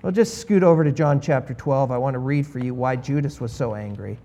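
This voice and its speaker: A man's voice: medium pitch, a little fast, dark tone. A man preaching a sermon as pastor, telling the story with emphasis and a playful, sarcastic streak.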